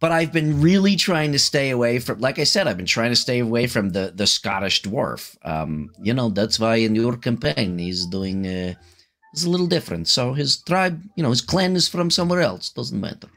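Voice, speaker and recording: A man from New Jersey co-hosting a casual podcast chat, an expressive game master who swears freely. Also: mid-range voice, moderate pace. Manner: expressive, profane, good at accents. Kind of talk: casual chat about tabletop games.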